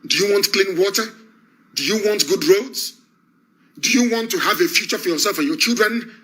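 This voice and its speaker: A man's voice: sits high, moderate pace, a bit bright, poor audio. A man with a Nigerian accent giving an impassioned broadcast address as a preacher, fiery, repetitive and commanding.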